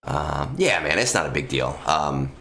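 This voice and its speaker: A man with an extremely deep voice chats casually on a live stream, close to the microphone. His tone is bright and forceful despite the low pitch. He rambles, swears freely and restarts sentences often, with a lingering cough. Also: very animated, measured pace, gravelly, slight background noise. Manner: rambling and profane, with many restarts and ums. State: lingering cough after illness.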